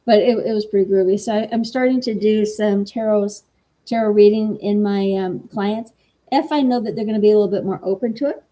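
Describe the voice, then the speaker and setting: A woman's voice: mid-range voice, a little fast, mellow. A middle-aged woman, a life coach and energy healer, casually telling a story and acting out the quoted dialogue. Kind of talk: casual talk stream.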